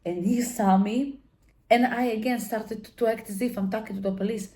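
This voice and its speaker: A woman's voice: on the high side, steady tone, normal speed. Candid, emotional woman telling her story. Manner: emotional and candid, swearing freely; talks with many fillers and restarts. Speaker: vlogger. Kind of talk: personal storytelling monologue.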